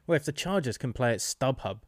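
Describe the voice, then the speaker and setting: A man's voice: medium pitch, animated, brisk, dry recording, studio quality. A man hosting a podcast, talkative and joking, teasing his guest in casual chat. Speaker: podcast host.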